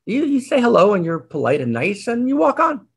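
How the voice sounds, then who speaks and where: A man's voice: high-pitched, wildly swooping pitch, fairly quick, vocal fry, slightly rough, voice pushed up, exaggerated voice. A man voicing a simple, humble town butcher who speaks earnestly and from the heart. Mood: wistful.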